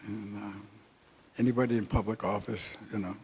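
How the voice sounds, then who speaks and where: An older man recounting a personal story in a speech, unhurried and halting with many pauses. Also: fairly low pitch, fairly even intonation, darkish tone, a little hiss or hum. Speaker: speaker at an honoring event.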